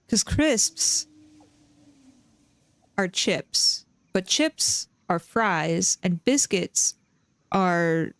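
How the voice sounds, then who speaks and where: A woman's voice: lowish voice, lively intonation, extremely slow, long pauses, dry recording. A woman live streamer chatting casually with her viewers while she plays, rambling and often restarting her sentences. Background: faint game music.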